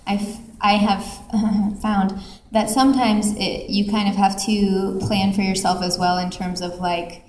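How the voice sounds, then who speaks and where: A woman's voice: medium pitch, level tone, a little slow, a little mellow, a little hiss or hum. A woman who narrates audiobooks, speaking in a chatty panel talk full of fillers. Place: convention panel room. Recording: echoey hall from far off.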